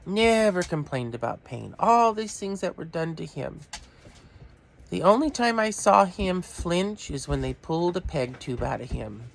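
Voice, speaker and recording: Gravelly, blunt man ranting. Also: high-pitched, very animated, measured pace, slight background noise. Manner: blunt, profane, rambling off topic. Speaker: vlogger. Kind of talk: rambling rant to camera.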